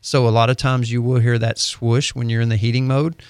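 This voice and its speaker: A man's voice: medium pitch, a little fast, no echo, studio quality. A man who is a heating and air-conditioning expert, explaining things steadily on a radio talk show. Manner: steady, explanatory, with filler ums. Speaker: HVAC company guest expert. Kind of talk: casual radio chat.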